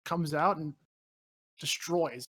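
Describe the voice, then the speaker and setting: A man's voice: fairly high pitch, slow pace, a crowd in the background. A man co-hosting a casual podcast, rambling and swearing casually as he talks about a favorite movie. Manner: rambling, many fillers and restarts, swears casually. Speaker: podcast co-host. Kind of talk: casual chat.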